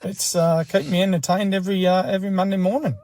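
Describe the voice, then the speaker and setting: A man's voice: high voice, level tone, quick pace, a little mellow, no room sound. A man leaving a friendly, hesitant voice message to a podcast.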